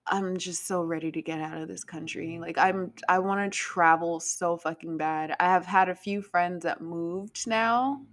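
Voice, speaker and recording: Host, female, fairly low voice, loose rambling chat, swears a lot. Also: fairly even intonation, measured pace, few pauses, fairly bright tone. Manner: rambling, swears freely, laughs often. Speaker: podcast host. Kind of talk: casual chat.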